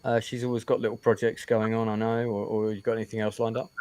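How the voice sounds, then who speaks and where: A man's voice: on the low side, little pitch movement, fast talker, darkish tone, dry recording. Chatty man hosting an interview. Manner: chatty, repeats words while gathering thoughts. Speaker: interview host. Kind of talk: casual interview chat. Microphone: video call.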